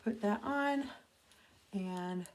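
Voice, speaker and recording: A woman's voice: medium pitch, drawn-out words. Middle-aged lady doing a casual makeup how-to, rambly and self-correcting, camera mic in the bathroom. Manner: chatty, self-correcting, demonstrating as she goes. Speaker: makeup consultant. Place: home bathroom.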